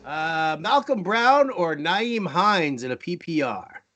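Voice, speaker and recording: Lively jokey man co-hosting a sports stream. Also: fairly high pitch. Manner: jokey, quick-fire, rattles off player lists. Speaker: co-host. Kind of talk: live fantasy football Q&A.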